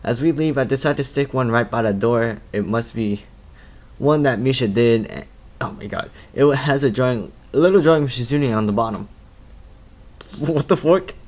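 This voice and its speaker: A man's voice: medium pitch, normal speed, darkish tone. Man swearing and laughing over a game. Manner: profane, laughing asides. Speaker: let's play host. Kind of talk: reading a visual novel aloud with commentary.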